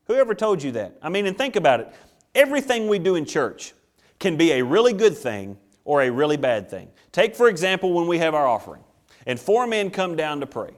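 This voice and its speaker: A man's voice: sing-song, fairly quick. A man preaching a sermon, reading scripture and acting out voices. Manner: preaching with acted-out voices and dramatic pitch swings. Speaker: pastor.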